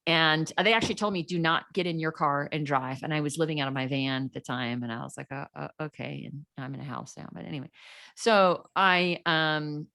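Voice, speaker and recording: Low-ish voiced woman, middle-aged, chatty guest telling a story, does little voices for people. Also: brisk. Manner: animated storyteller acting out quoted voices. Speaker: podcast guest. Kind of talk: casual storytelling interview.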